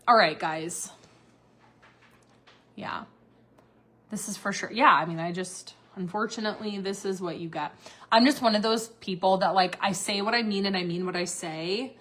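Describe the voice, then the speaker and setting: A woman's voice: mid-range voice, a bit bright. A young woman talking candidly on a livestream, blunt and filler-heavy, swearing freely. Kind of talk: candid casual livestream rant.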